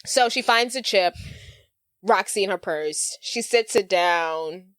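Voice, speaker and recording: A woman's voice: mid-range voice, takes it slowly, clean tone, no echo, studio quality. A woman co-hosting a podcast, casually retelling a movie plot, acting out the lines and saying "like" often. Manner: animated storyteller, acts out quotes, lots of "like". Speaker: podcast co-host.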